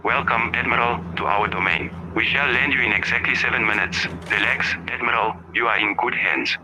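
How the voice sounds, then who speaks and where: A man voicing a calm, mysterious man who speaks over a distorted radio with a slight German accent. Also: medium pitch. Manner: soothing, measured, formal. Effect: distorted radio signal. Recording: noisy radio transmission.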